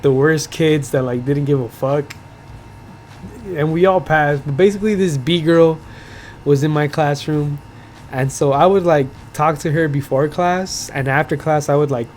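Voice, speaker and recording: A young man tells a story on his podcast in loose, profane talk, packed with "like" and bursts of laughter. His voice sits a little high for a man. A faint background noise runs under the recording. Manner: loose and profane, heavy filler "like", laughs while telling. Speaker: podcast host. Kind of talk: casual storytelling.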